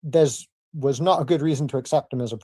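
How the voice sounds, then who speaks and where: A man giving a formal debate rebuttal in a measured, argumentative way. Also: medium pitch, warm tone, breathy edge, no room sound.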